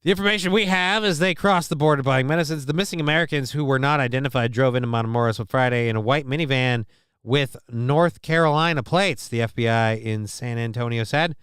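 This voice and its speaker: A man's voice: mid-range voice, brisk, a bit bright, smooth, no echo, studio quality. A man hosting a live stream, reading news and chat comments aloud with crude jokes. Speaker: show host.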